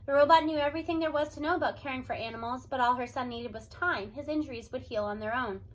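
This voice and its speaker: A woman reads a children's book aloud chapter by chapter, her storytelling expressive and steady. Her voice is bright and high, and she reads fast.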